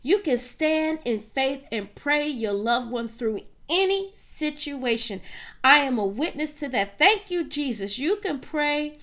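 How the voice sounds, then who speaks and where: A woman's voice: sits high, lively intonation, unhurried, fairly bright tone. A woman preaching a sermon, fervent and direct, calling her listeners saints and queens.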